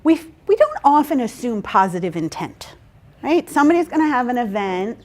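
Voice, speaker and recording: Animated woman leading a workshop. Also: a little high, moderate pace. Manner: animated, checks in with rhetorical "right?" and "okay?". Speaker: workshop facilitator. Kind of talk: interactive workshop talk.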